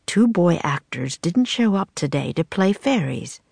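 A woman's voice: fairly low pitch, very animated, a little slow, creaky, a little mellow, husky, no room sound, exaggerated voice. Woman reading a courtly old-fashioned playwright. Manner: courtly, archaic phrasing. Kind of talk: storybook reading.

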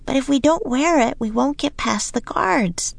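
A woman's voice: high-pitched, expressive, normal speed, gravelly, dry recording, pitched above the performer's own voice. A woman voicing a brave, bossy young girl who urges her brother on, often in whispers. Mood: urging. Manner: eager, urging, often whispering.

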